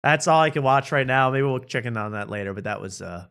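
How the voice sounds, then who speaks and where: A man's voice: medium pitch, animated, fast talker, fairly bright tone, smooth. A male late-night host with a mid-range voice chats casually about the clips he plays. He jokes easily and laughs often. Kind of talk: casual chat reacting to clips.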